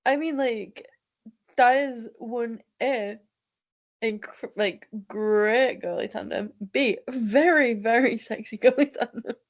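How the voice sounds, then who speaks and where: Slow, deadpan sarcastic woman co-host. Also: a little high, muffled recording. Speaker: podcast co-host. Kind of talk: casual chat.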